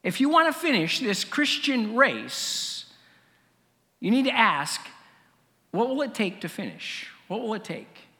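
A middle-aged man preaching a sermon as pastor, conversational, with fillers and frequent throat clearing. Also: high-pitched, sing-song, a little slow, bright, forceful tone, in a large hall.

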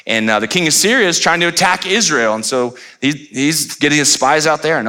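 A man preaching a sermon as pastor, animated, with playful asides and rising to near-shouts. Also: medium pitch, fairly quick, few pauses.

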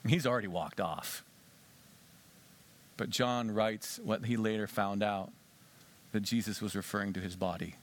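A male preacher delivering a sermon as dramatic storytelling, swinging from hushed whispers to shouting and asking listeners direct questions. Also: lowish voice, expressive, normal speed, pauses often, no echo.

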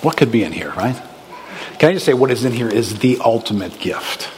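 Guy preaching a casual lively sermon, big echoey church hall, bit of background hum. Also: mid-range voice, a little fast. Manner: lively, conversational, with bursts of excitement. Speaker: pastor. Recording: reverberant hall with faint ambience.

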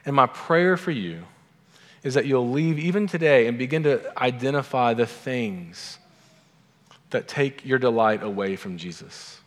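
A man's voice: mid-range voice, unhurried, big-room sound. A male pastor giving a sermon in a conversational way, with wry asides to the congregation.

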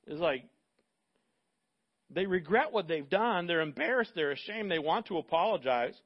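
A man's voice: high voice, lively intonation, moderate pace, husky, lo-fi sound. A man preaching a sermon as pastor, conversational and emphatic, with rhetorical asides to the congregation.

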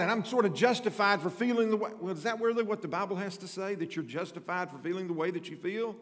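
A man with a high voice preaches with emphatic repetition, his words ringing through a church hall with a long reverb. He sounds like a pastor addressing his congregation directly. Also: quick pace, hardly any pauses. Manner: emphatic preaching, repeats phrases, calls on congregants by name. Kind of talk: sermon. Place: church sanctuary.

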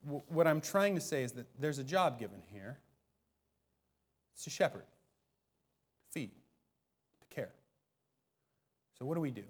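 A man in his thirties, a preaching pastor, giving a conversational sermon in church, moving from soft self-deprecating asides to loud, emphatic peaks. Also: medium pitch, big pitch swings, a little slow, pauses often. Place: church sanctuary.

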